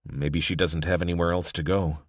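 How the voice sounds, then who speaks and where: A man's voice: low voice, fairly even intonation, brisk, no room sound. A man as a laconic, watchful survivor. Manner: laconic, dry. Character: weary, watchful male survivor.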